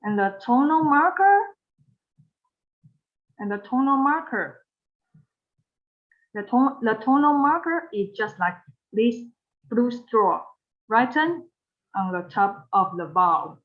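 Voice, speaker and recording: Woman teaching mandarin tones, english not her first language, talks really slow n repeats stuff, kinda high voice, muffled lo-fi audio. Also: expressive. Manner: patient, repeats phrases, spells out each step. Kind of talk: recorded online language lesson. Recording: dull lo-fi recording.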